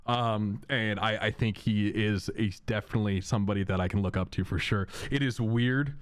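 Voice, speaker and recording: A man streaming to his viewers in a loose, rambling chat, often repeating himself and breaking into loud, high, excited laughter. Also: moderate pace, clear, resonant tone, no room sound, clean studio sound.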